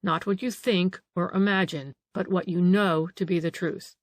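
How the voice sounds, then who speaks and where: Woman voicing a gentle old detective. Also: on the low side, moderate pace, no room sound, clean studio sound, natural voice. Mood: pressing. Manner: polite, calm, questioning.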